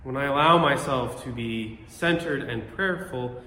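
A man preaching a sermon as a pastor, recorded on his phone, speaking in an earnest, reflective way with measured pauses. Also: medium pitch, pushed and bright, a little hiss or hum. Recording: echoey room with long reverb.

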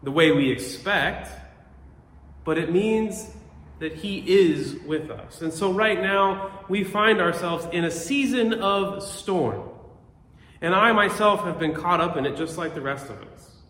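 Recorded on a phone, this pastor preaches in a fairly bright voice that sits slightly high for a man, earnest and reflective. His phrases come out measured, each one followed by a long reverb in the echoey space.

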